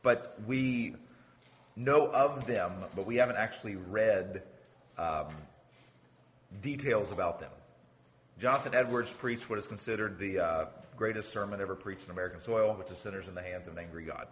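In a sermon with a lowish voice at normal speed, a man teaches earnestly, repeating words as his point develops. "Okay" comes up often as a check-in and signpost. A little hiss or hum sits under the recording.

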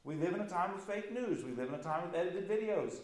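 A man's voice: high-pitched, animated, quick pace, echoey room, rough recording. Emphatic male pastor preaching. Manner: earnest, emphatic preaching with rising intensity. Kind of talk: sermon.

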